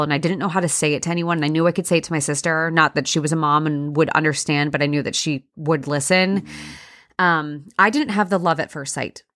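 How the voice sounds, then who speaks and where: A young woman speaks in a low register, recounting a personal story to her podcast listeners. She talks candidly and conversationally, with frequent ums and restarts. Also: a bit bright. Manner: candid, conversational, many fillers. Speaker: podcast host.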